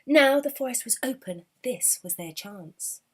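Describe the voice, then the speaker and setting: A woman reading a children's picture book aloud as storyteller. Her voice is fairly high and swoops widely, dropping to soft near-whispers and rising to bursts. The delivery is expressive and animated throughout. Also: a little slow, breathy edge.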